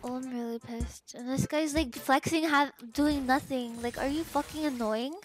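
Gamer woman with a high voice, swearing and venting as she plays, with game music clear behind her. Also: steady tone, moderate pace. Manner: profane, exasperated running reactions. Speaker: streamer. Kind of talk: casual gameplay commentary.

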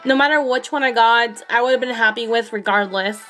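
A woman streaming a game live, excited and rambling, her voice shaky with excitement as she reacts. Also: fairly high pitch, brisk. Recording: faint music behind.

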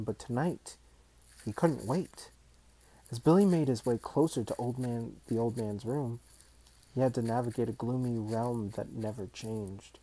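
Reader: man narrating a storybook, measured and unhurried, low mellow tone. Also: poor audio. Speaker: audiobook reader. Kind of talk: storybook reading.

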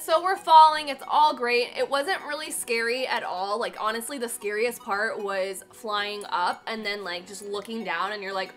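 A woman's voice: on the high side, moderate pace, few pauses, fairly bright tone, faint music behind. A young woman chatting to her camera in a giggly, self-mocking way, telling a story to her viewers. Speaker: vlogger. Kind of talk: casual chat to camera. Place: indoors, sitting on a cardboard box.

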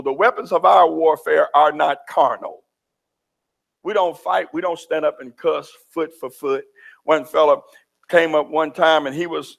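A man preaching in a church, folksy and animated. His voice is gravelly and sits a little high. It is a live sermon, now and then heard from a bit farther off. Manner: folksy, animated preaching with Southern turns of phrase.

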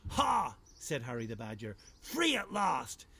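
A man voicing a gruff, scheming male badger who leads a gang, in a storybook read-aloud. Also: medium pitch, lively intonation, moderate pace, fairly bright tone, full character voice. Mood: triumphant. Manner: gruff, sly and persuasive.

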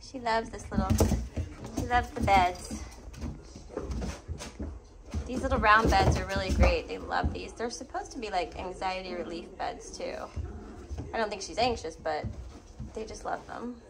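A woman's voice: medium pitch, measured pace, vocal fry, long pauses. Sing-song woman with a cold. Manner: sing-song baby talk to the puppies. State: has a cold. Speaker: dog breeder. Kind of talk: casual vlog, chatting to puppies. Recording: noisy background.

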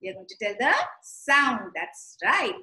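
Lady teacher talking slow to little kids, bright and bouncy, singsong. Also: on the high side. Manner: slow, sing-song and animated, addressing children directly. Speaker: preschool teacher. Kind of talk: storytelling and teaching letters to young children. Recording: echoey room.

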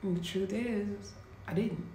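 Gravelly woman telling a painful story. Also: medium pitch, steady tone. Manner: slow, heavy pauses, quietly intense. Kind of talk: personal storytelling monologue. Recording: echoey room with faint ambient noise.

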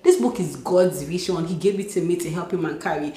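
A young Nigerian woman vlogging from home, telling stories excitedly and acting out dialogue. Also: lowish voice, fairly quick. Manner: excited, animated storytelling, acts out dialogue. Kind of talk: casual vlog talk. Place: home, indoors. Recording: echoey room.

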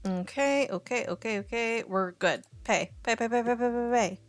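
A woman's voice: on the high side, normal speed, faint music behind. A woman streamer chatting casually and thinking aloud, rambling and indecisive. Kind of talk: casual live-stream chat.

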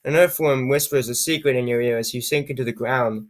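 A man reading an odd, computer-written story aloud, with low-key, wry remarks on the text and frequent stumbles over words. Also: fairly even intonation, fairly quick. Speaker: YouTuber reading AI-generated stories. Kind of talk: comedic reading with asides.

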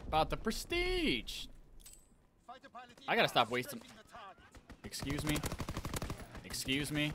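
A young man giving excitable live commentary on an online shooter match, talking to his viewers and trash-talking as he plays. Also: on the high side, takes it slowly, long pauses, background noise. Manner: excitable, talks to viewers, trash-talks while playing. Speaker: gaming channel host.

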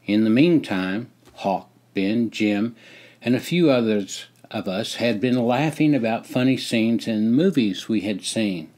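A man in his seventies telling his own army memoir in a measured, wry way. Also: lowish voice, lively intonation, a little mellow. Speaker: storyteller. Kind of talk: memoir narration.

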